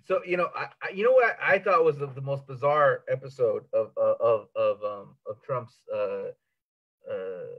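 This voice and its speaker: A man's voice: mid-range voice, moderate pace. A man in casual conversation who stumbles over his words and picks apart small details with amused disbelief. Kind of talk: casual chat. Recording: dull lo-fi audio.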